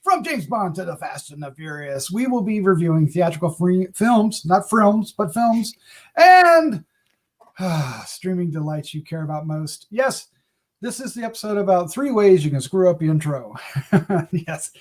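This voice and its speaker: Male podcast host with a high voice, upbeat and self-mocking. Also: animated, normal speed, mellow. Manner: bubbly, laughs at his own slip-ups. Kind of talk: casual podcast chat.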